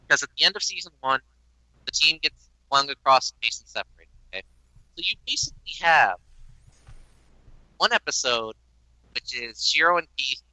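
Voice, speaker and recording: A man's voice: mid-range voice, sharp tone, no room sound, rough recording. A man ranting sarcastically and with a lot of swearing about a cartoon reboot on a casual podcast. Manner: profane, exasperated, sarcastic. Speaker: podcast host.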